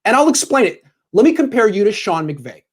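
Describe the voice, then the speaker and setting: A man's voice: sits high, very animated, a little fast. A man doing sports opinion commentary, bluntly lecturing a coach directly in the second person.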